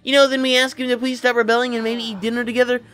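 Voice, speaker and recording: A woman's voice: a little high, very fast, close to an everyday voice. A woman doing a bubbly naive young princess. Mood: innocent. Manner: bubbly, excitable.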